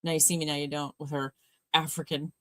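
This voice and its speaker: A woman's voice: sits low, level tone, quick pace. A woman co-hosting a livestreamed movie watch party, chatting casually, laughing often and trailing off mid-sentence. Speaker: livestream co-host.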